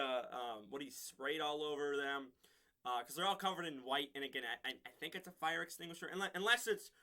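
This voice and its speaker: High, sharp-voiced man rambling a review. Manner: rambling, chuckles often between points. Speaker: TV episode reviewer. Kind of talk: casual episode review.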